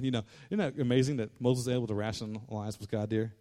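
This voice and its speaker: A man's voice: medium pitch, fairly even intonation, quick pace, hardly any pauses. Fervent male preacher repeating for emphasis. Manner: fervent preaching, repeats lines for emphasis, rises to loud declarations. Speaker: pastor. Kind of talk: sermon.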